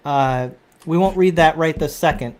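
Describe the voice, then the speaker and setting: A man hosting a casual conversation, talking haltingly with restarts and throat clearing. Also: fairly high pitch. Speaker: host. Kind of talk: casual chat.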